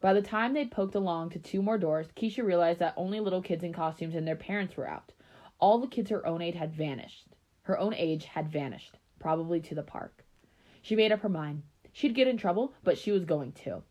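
A woman reading a story aloud in a relaxed way, breaking off now and then for chatty asides. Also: fairly low pitch, fairly quick.

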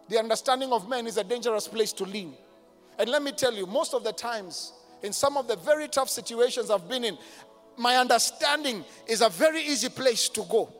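A man preaching a sermon as a pastor, moving from loud declarations to hushed intensity and calling on the congregation to respond. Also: extremely high pitch, lively intonation, normal speed. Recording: long hall reverb with faint music behind.

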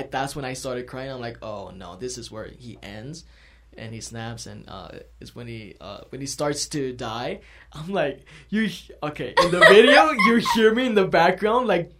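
A man hosting a casual chat, telling a story in an animated way and laughing often. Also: on the high side. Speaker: host.

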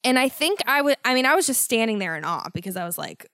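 Swearing, animated young woman podcaster. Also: fairly high pitch, quick pace, no echo, studio quality. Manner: animated, swears constantly, mock-dramatic exasperation. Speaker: podcast host. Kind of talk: solo podcast storytelling.

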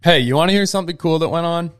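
A young man co-hosting a podcast in casual chat, wry and teasing, with quick asides. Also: fairly high pitch, smooth. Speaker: podcast co-host.

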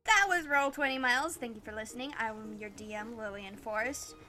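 A high, bright-voiced woman running a tabletop game as game master. She narrates scenes and signs off with friendly plugs. Music plays softly under her. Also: a little fast. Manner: friendly, animated outro plugs.

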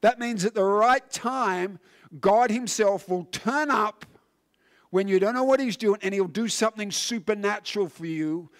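A man preaching a sermon, earnest and emphatic, often restarting words and swinging from loud to hushed. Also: sits high, a little slow. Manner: frequent word restarts.

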